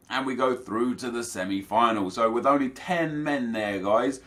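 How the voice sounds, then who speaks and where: A man's voice: medium pitch, normal speed, a bit bright, faint music behind. A young man giving casual, chatty commentary over his own football video game matches for viewers. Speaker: gaming YouTuber.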